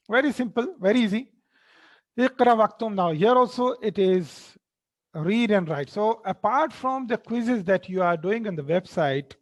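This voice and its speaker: A man teaching an Arabic textbook lesson, explaining slowly and patiently and repeating each word twice. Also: on the high side.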